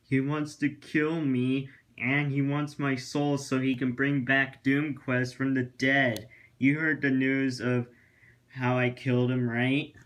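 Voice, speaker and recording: A man's voice: mid-range voice, little pitch movement, slow pace, a bit bright. A man voicing a scared young male tank engine who stammers in a panic in a storybook tale. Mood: worried.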